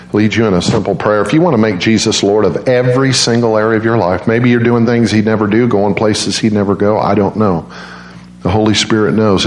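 Impassioned male preacher telling a story. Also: a little hiss or hum. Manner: impassioned storytelling, rising high when acting out emotional quotes. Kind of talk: evangelistic sermon with story.

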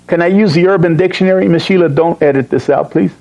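Man, fairly high voice, emphatic Bible study teacher, slow verse reading, playful asides. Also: creaky, darkish tone, low-quality recording. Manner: emphatic, slows to read verses, joking asides.

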